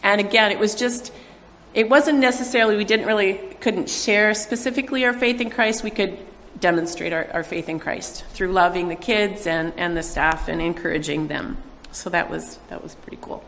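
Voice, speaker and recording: A woman's voice: medium pitch, a bit bright, a little hiss or hum. Hesitant woman missionary in an echoing hall. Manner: halting talk with many fillers. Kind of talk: speaking to a church congregation. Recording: long reverb of a large hall.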